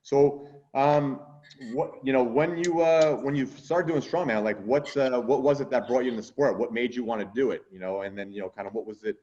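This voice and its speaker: A man's voice: mid-range voice, brisk, few pauses, dark tone. A man hosting a podcast in casual chat, rambling with lots of fillers and swearing freely. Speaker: podcast host and strongman coach. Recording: dull lo-fi sound.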